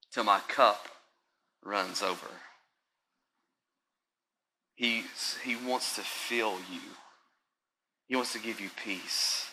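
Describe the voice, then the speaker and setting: A man preaching a conversational sermon, often checking in with the congregation and swinging between soft, slow passages and loud, excited ones. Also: fairly low pitch, slight background noise, rough recording. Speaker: pastor.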